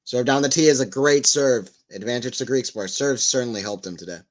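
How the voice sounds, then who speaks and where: A man's voice: medium pitch, brisk. Chatty man calling tennis live. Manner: chatty, rambling asides between excited point calls. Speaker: livestream tennis commentator. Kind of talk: casual live play-by-play commentary.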